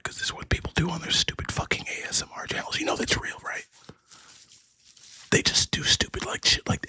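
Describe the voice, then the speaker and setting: A man's voice: extremely high pitch, voice pushed up, heavily acted. A man in a whispered role-play, mocking an ASMR whisperer with a crude, sarcastic whisper.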